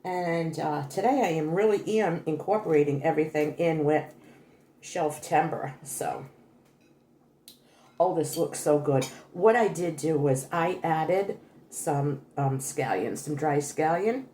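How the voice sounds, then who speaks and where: An older woman with a deep, warm voice hosts a homey cooking vlog from her home kitchen, speaking unhurriedly in an echoey room with slight background noise. It's a casual cooking demonstration where she chats away and corrects herself while talking through a recipe.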